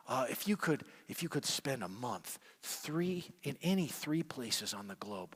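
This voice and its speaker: A man teaching a men's session in sermon style, emphatic and repetitive, swinging from hushed asides to loud declarations. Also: medium pitch, expressive, normal speed, few pauses, slightly rough. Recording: long hall reverb.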